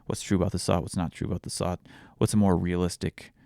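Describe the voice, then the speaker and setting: Deep-voiced young man telling his story. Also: level tone, vocal fry, warm tone, no room sound, clean studio sound. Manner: frank, swears often, halting restarts. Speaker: podcast host. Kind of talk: candid personal storytelling.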